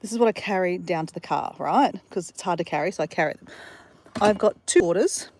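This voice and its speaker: A woman's voice: on the low side, a little fast, a little mellow, a little hiss or hum. A woman vlogging in her suburban backyard, chatting and venting with swearing and self-mocking asides, recorded on a handheld phone. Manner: chatty, exasperated ranting with swearing, laughing at herself. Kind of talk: casual vlog chat.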